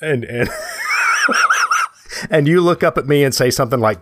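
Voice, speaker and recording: A man's voice: fairly high pitch, huge pitch swings, measured pace, raised voice, heavy background noise. A man co-hosting a casual chat podcast, explaining ideas through playful hypotheticals with light chuckles. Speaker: podcast co-host.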